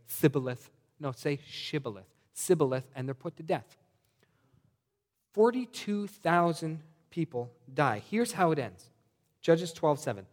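A man preaching a conversational sermon, teaching from slides and moving between quiet asides and emphatic points. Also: medium pitch. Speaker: pastor. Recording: reverberant hall.

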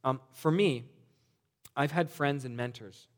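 A man preaching a conversational sermon, teaching from slides and moving between quiet asides and emphatic points. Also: mid-range voice, measured pace. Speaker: pastor. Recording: reverberant hall.

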